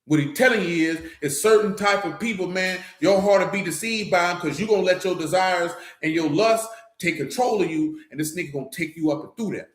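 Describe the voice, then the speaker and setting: A man's voice: sits high, fairly quick, few pauses, echoey room. A man giving a loose, blunt, streetwise scripture teaching. He talks conversationally and keeps asking "you know what I'm saying". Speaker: teacher of a scripture study assembly.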